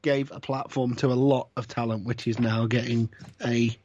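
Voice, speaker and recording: A man co-hosting a casual chat, measured and dryly teasing. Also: medium pitch, little pitch movement, a little mellow, muffled recording. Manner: measured, dry teasing, chuckles. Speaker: podcast co-host.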